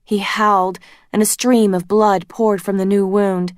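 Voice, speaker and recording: A woman reading a storybook aloud in steady, unhurried narration. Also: medium pitch, dry recording, studio quality. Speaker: reader.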